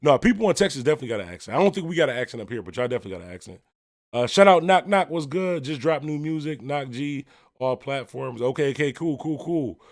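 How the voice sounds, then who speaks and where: Fast-talking man hosting a casual livestream. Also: medium pitch, lively intonation, no room sound, studio quality. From Buffalo, New York. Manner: rambling and conversational, full of fillers and shout-outs. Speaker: host of a music talk livestream. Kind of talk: casual livestream chat, reading viewer comments.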